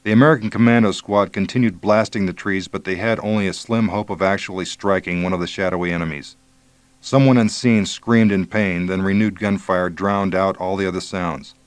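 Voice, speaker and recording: A man narrating an audiobook in a measured, low-key way. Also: steady tone, no room sound.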